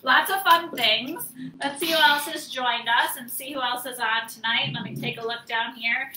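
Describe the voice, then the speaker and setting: A woman's voice: high-pitched, normal speed, bright, forceful tone, slight background noise. A woman hosting a live sale stream, chatting cheerfully as she mixes a drink. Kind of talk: casual live-stream chat. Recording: roomy echo, from a distance.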